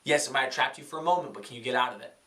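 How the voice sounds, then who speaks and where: A man's voice: medium pitch, rapid-fire, pushed and bright, recorded from a distance. A young man talking earnestly in a casual vlog, reflective, with many fillers. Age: young adult. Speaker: vlogger.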